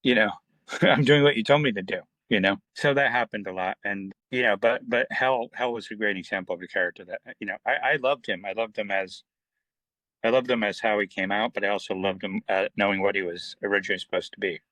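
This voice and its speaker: A man's voice: lowish voice, fairly quick, dry recording, poor audio. A middle-aged man, a comic book writer, telling stories in a casual interview, acting out quoted dialogue with lots of fillers. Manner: animated, acts out quoted dialogue, many fillers.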